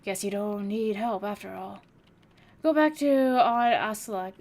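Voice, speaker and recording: A woman reading the part of a gruff, red-haired male viking sailor who mocks others and calls them kid. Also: mid-range voice, measured pace, a little mellow, lightly acted. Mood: teasing.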